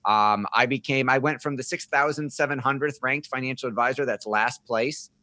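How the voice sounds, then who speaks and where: Man, middle-aged, podcast guest, bright forceful tone, dry close sound, upbeat and joking. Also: medium pitch, dry recording. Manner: upbeat, joking, brisk storyteller. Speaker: podcast guest, marketing firm founder. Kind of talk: casual interview storytelling.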